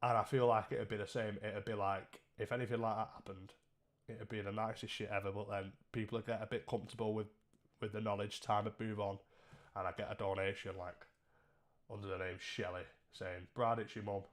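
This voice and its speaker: A man's voice: lowish voice, level tone, brisk. A man chatting casually and jokingly with his live-stream chat, swearing freely.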